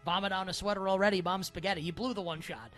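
A man's voice: sits high, steady tone, fast talker, fairly bright tone, faint music behind. A man hosting a sports betting talk show, rambling casually with lots of "like" and playfully calling himself by a mock-royal title. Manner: playful mock-regal self-reference, rambling with frequent "like". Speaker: sports betting radio host.

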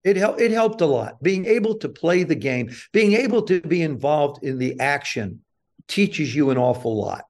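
An older man, a guest on an interview show, telling a self-deprecating story with lively acted-out quotes. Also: on the high side, moderate pace.

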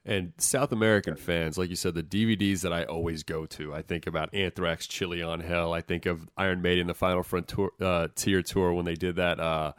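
A man hosting a podcast, chatting excitedly like a fan about concert recordings. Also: low voice, fairly quick, hardly any pauses, clear, resonant tone, dry recording, clean studio sound. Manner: excited fan talk, listing bands. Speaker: podcast host. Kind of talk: casual podcast interview.

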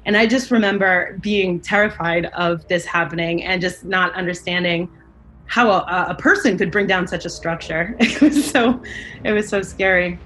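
A woman's voice: on the low side, normal speed, fairly bright tone, faint music behind, rough recording. A woman recalling a frightening childhood incident in an interview, speaking hesitantly with fillers and restarts that grow intense. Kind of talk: emotional personal recollection.

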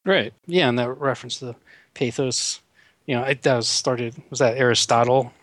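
A man's voice: mid-range voice, fairly even intonation, moderate pace, a bit bright, dry recording. Man explaining science in a dry voice. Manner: explanatory, many fillers like "you know". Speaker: neuroscientist guest. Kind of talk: casual interview talk.

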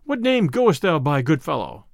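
A man's voice: fairly high pitch, huge pitch swings, normal speed, gravelly, no echo, studio quality, full character voice. A man voicing a good-humored outlaw leader in old-fashioned formal speech for a storybook reading. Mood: jolly.

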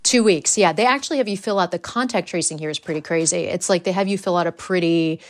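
A woman comedian appearing as a podcast guest, chatting in a breezy, jokey way full of quick asides. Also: lowish voice. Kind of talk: casual podcast chat.

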